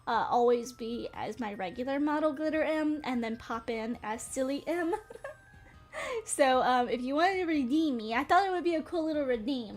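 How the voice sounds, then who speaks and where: A woman's voice: on the high side, brisk. A young woman from North Carolina, a streamer chatting casually to her viewers in a bubbly, rambling way and often breaking into giggles.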